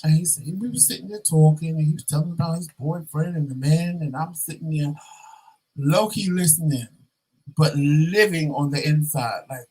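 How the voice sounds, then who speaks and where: A man vlogging, telling a story in a casual, animated and sassy way with dramatic asides to his viewers. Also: on the high side, moderate pace, slightly rough, low-quality recording.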